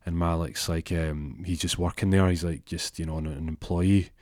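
Rambling male storyteller, very low voice, dry close mic. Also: fairly even intonation, moderate pace, darkish tone, dry recording. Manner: rambling, meandering. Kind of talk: casual spoken storytelling.

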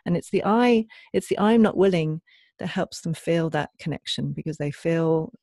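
Gentle earnest woman with a gravelly edge. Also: low-pitched, moderate pace, no echo, clean studio sound. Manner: gentle, earnest, models soft loving phrases. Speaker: parenting educator guest. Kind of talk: reflective podcast conversation.

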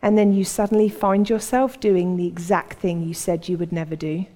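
A woman's voice: fairly low pitch, fairly even intonation, normal speed, mellow. A woman giving a sermon in a conversational storytelling manner, acting out the voices in the stories she tells. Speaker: preacher. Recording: long hall reverb.

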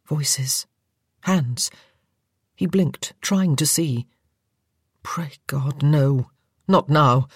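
A woman reading a novel aloud as an audiobook narrator, measured and even-paced. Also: deep voice, dry recording. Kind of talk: scripted narration. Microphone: close studio microphone. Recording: dry studio sound.

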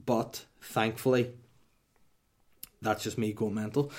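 A man, telling a profane, rambling comic story on a podcast. His voice sits slightly low, and he jokes his way through the tale in a loose, casual way. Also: level tone, a little slow, long pauses.

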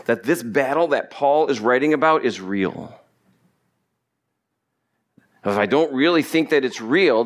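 A man preaching a sermon, emphatic and repetitive, stretching out key words for stress. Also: mid-range voice. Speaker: pastor.

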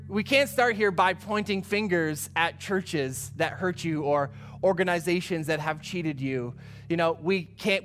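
A man's voice: high voice, unhurried, slight background noise. A man preaching a sermon as pastor, telling stories and acting out conversations, often checking in with "right?" and "you know". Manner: animated storytelling, acting out dialogue, fillers like "right?" and "you know".

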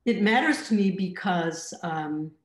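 A woman sharing personal doubts in an inquiry session, hesitant and searching. Her voice sits a little low and carries a roomy echo. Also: animated, measured pace. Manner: hesitant, many ums. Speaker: participant.

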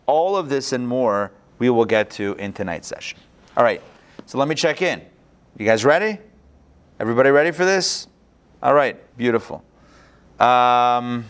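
A rabbi with a mid-range voice teaches a live online class over a video call, speaking a little slowly with long pauses. He's lively and chatty, often thinking out loud and restarting his sentences.

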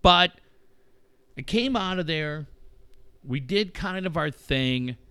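Candid, bright-voiced middle-aged man. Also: fairly high pitch, expressive, takes it slowly, clear, resonant tone, dry recording. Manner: candid, profane, reflective storytelling. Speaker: podcast host. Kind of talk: casual conversation.

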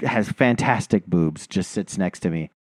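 A man's voice: deep voice, measured pace, a little mellow, no echo, clean studio sound. A man co-hosting a podcast, telling a long, rambling story in casual chat, swearing and laughing often. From New Jersey. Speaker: podcast co-host.

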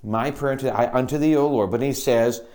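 A man preaching a sermon, earnest, moving between loud emphasis and quiet, intense passages. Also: medium pitch, fairly quick.

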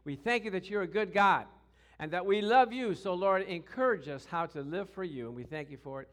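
High-voiced male pastor preaching. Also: brisk. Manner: lively, calls for responses from the congregation. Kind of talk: sermon.

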